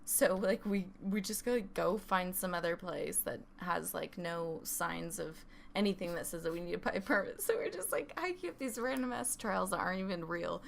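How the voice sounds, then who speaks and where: A woman's voice: on the low side, normal speed, vocal fry, hardly any pauses, a little hiss or hum. A young woman co-hosting a casual podcast who tells stories with constant "like" fillers and nervous laughter. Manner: giggly, storytelling, says "like" constantly. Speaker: podcast co-host. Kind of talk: casual chat.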